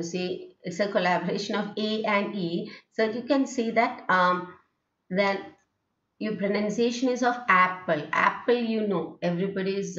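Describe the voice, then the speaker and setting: A woman with an Indian English accent teaching pronunciation at a slow, patient pace. She draws out each vowel sound and keeps checking in with her students. The recording is dull and lo-fi, and her voice echoes in the room. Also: mid-range voice, fairly bright tone. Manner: slow, drawn-out modelling of vowel sounds with frequent "okay?". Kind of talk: lecture on English phonetics.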